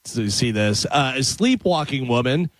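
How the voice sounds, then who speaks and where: A man's voice: mid-range voice, animated, normal speed, no echo. A man co-hosting a radio show, reading odd news items aloud with lots of fillers in a chatty way. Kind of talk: casual radio banter. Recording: dry.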